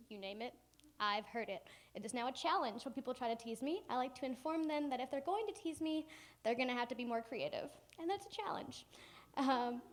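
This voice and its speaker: A young woman delivers a keynote in a fairly high voice, animated and humorous as she acts out the people in her story. She speaks as a storyteller addressing a conference audience. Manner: animated and humorous, acting out family members. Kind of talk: personal storytelling speech. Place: conference hall.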